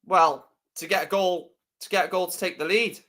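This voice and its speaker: A man's voice: high-pitched, fairly even intonation, moderate pace, sharp tone. A man hosting a live stream, giving chatty fan commentary on a football match and swearing freely.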